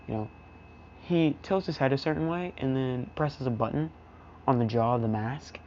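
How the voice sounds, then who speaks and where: A man's voice: mid-range voice, moderate pace, a little mellow, lo-fi sound, a little hiss or hum. Rambling man telling a fan story. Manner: rambling with many fillers. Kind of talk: casual improvised fan story narration.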